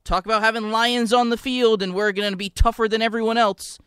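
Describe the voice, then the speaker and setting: A male sports radio co-host with a high, bright, edgy voice. He talks bluntly and shoots down ideas with sarcasm. The studio sound is close and dry. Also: little pitch movement, a little fast, clean tone, no room sound. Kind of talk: casual sports talk radio.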